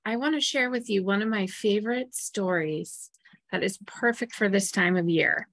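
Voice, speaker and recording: Woman reading a kids' storybook, slightly gravelly voice, dry close sound. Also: medium pitch, normal speed, no echo. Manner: warm, asks listeners questions. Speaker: temple staff or clergy storyteller. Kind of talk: reading a picture book aloud to children.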